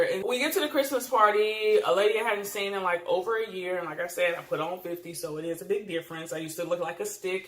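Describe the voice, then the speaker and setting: A woman's voice: medium pitch, fairly bright tone. A woman vlogger giving casual advice to camera, chatty and emphatic, with frequent fillers. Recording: roomy echo.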